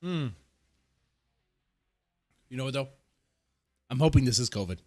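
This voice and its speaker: Rambling and cracking jokes, this man rants casually on his own vlog from a garage studio at home, congested, short of breath, coughing and sighing as he tells his story. His medium-pitched voice is animated yet a little slow and a bit mellow, recorded with no room sound.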